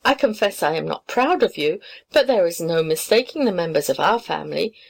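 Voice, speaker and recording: A woman's voice: fairly low pitch, expressive, fairly quick, creaky, slightly rough, full character voice. A coarse, greedy pig from a storybook, blunt and pushy, his voice leaping upward when he insists, as a woman narrator puts him on. He talks like he owns the barnyard.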